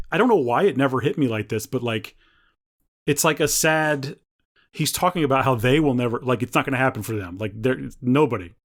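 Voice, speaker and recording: A man's voice: mid-range voice, animated, fairly quick. A man co-hosting a podcast, rambling in casual chat with many restarts. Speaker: podcast co-host.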